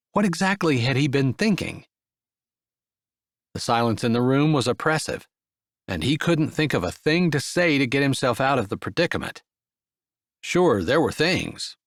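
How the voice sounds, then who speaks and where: A man reads a romance audiobook at a medium pitch, his intonation rising and falling with each line. The sound is dry and close, with no room around the voice. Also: fairly bright tone, no echo. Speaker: audiobook narrator. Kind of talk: scripted narration.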